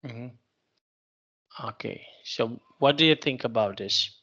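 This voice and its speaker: A man's voice: medium pitch, slow, pushed and bright, highs cut off. A man teaching an online English lesson, patiently repeating and rephrasing each question for his student.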